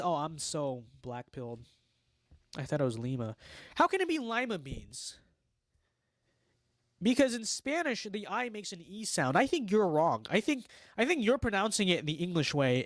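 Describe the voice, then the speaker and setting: Young man, livestream host, sarcastic and mock-boastful, slightly raised pitch, dry close sound. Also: no echo. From Los Angeles, United States. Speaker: livestream host reading chat. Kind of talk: casual livestream chat.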